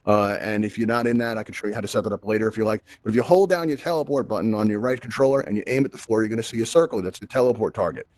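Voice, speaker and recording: A man's voice: lowish voice, rapid-fire, few pauses, darkish tone. A man hosting a live virtual reality event, teaching his audience in an upbeat, chatty way and often checking in with "right?". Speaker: host.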